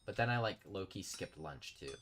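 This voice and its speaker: A man's voice: low-pitched, lively intonation, moderate pace, a bit bright, a little hiss or hum. A man chatting casually while live-streaming a game, rambling and reading out his chat. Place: home streaming setup.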